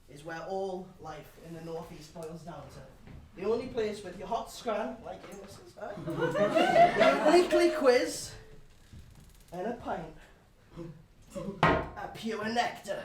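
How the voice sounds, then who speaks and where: A man's voice: high voice, noisy background. A young man with a Geordie accent acting a brash, crude pub regular in a one-man live stage show, rambling and swearing as he banters cheekily with the audience. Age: young adult. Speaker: stage actor. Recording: roomy stage sound from far off with audience. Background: audience laughing.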